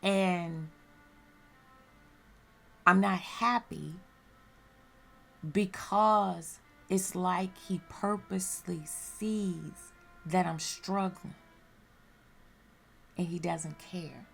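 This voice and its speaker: A woman's voice: on the low side, steady tone, extremely slow, gravelly, pauses often, faint music behind. A woman sharing a personal religious testimony, speaking earnestly and candidly and repeating phrases for emphasis.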